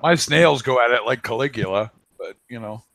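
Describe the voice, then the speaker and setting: A man trades jokes with a dry wit in a casual group call. His voice is mid-pitched and sits close and dry, with no room sound. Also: animated, normal speed, creaky, fairly bright tone, dry recording. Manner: dry, joking. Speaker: reef hobbyist, chat participant.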